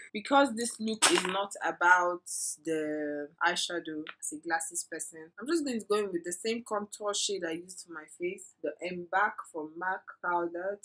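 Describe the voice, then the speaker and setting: Woman, beauty vlogger, bright tone, casual and playful, talks viewers through her makeup. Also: lowish voice, low-quality recording. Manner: chatty, playful, rambling asides; instructive, addresses viewers directly. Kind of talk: makeup tutorial chat.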